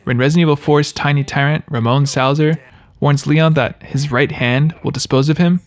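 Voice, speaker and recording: A man's voice: on the high side, steady tone, normal speed, no room sound. Man narrating game trivia wryly. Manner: wry, joking asides.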